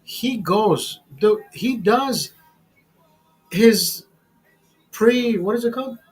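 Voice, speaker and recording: A man's voice: sits high, extremely slow, slightly rough, faint music behind, rough recording. A man hosting his own livestream while drinking, tipsy and boastful, swearing constantly in a crude rant. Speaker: livestream host. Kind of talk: casual profane rant.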